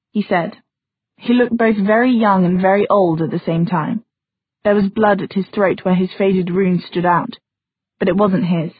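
A woman narrates a fantasy novel with steady, even pacing. Her voice is slightly husky and sits at a middle pitch. The sound is dry and narrow, like it came through a phone line. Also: dry recording. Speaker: audiobook narrator.

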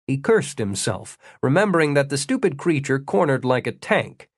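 A man reading an audiobook, telling an adventure story in a measured way with dry humor. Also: mid-range voice, no room sound. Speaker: narrator. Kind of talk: audiobook narration.

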